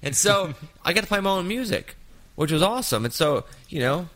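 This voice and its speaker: A man in his fifties hosting a casual chat, telling an anecdote with lively jumps into quoted voices. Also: sits high, a little fast, few pauses, music in the background. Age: 50s.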